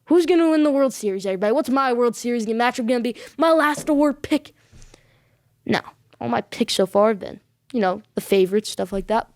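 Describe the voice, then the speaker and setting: A woman delivers solo sports commentary as a podcast host, voice sitting a little high. She talks with insistent emphasis, doubling back on her points and speaking straight to the viewers. The sound is dry, with no room around it. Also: a little mellow, no echo. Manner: emphatic, repeats points for stress; bold predictions addressed to viewers.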